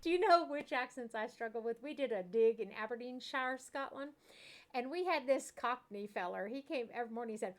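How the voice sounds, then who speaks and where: Her pitch sits on the high side, and she talks a little fast with plenty of expression. She's a middle-aged woman playing a farm sim on a live stream, chatting with viewers, laughing often and speaking to the animals in the game.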